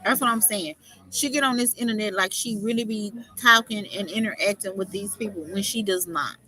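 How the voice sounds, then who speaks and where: Bright, sharp-voiced woman ranting. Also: medium pitch, a little fast, poor audio. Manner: confrontational, profane, scolding. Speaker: livestream host. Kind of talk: unscripted livestream rant.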